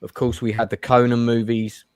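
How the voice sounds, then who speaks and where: A man's voice: mid-range voice, level tone, moderate pace, clear, resonant tone, dry recording, studio quality. A man hosting a casual chat show, talking bluntly with lots of fillers and restarts. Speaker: host.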